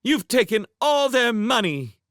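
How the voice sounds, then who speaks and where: An outspoken young woman from a storybook, calling out her accusations with indignation, voiced by a male reader. The voice sits far above his own, bright and sharp. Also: high-pitched, sing-song, measured pace, no echo, studio quality, pitched above the performer's own voice, heavily acted. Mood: indignant.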